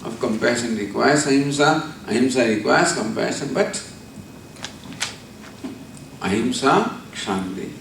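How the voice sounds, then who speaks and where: A man's voice: medium pitch, expressive, vocal fry, a bit bright. Man giving a spiritual discourse, echoey. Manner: storytelling, explains Sanskrit terms slowly with repetition. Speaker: spiritual teacher. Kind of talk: discourse on scripture. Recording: echoey hall from far off, faint noise.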